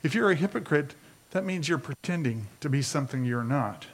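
A man's voice: on the high side, lively intonation, fairly quick, husky. A man preaching a sermon as a pastor, talking conversationally and asking his listeners rhetorical questions.

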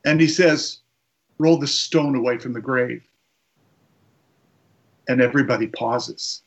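A man preaching a sermon, retelling a story and slowing down to stress key lines. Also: medium pitch, rough recording. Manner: retells a story with quoted voices, slows for emphasis.

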